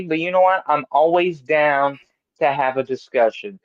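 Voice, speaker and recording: A man's voice: a little high, lively intonation, moderate pace, dry recording, dull audio. Blunt, profane male podcast host. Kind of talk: casual chat. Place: studio.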